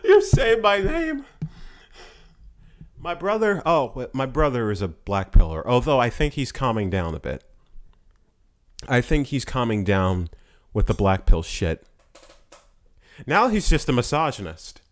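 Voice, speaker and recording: A young man from Florida chatting casually on a podcast, profane and quick to laugh in mock outrage. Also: medium pitch, very animated. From Florida, USA. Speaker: podcast host.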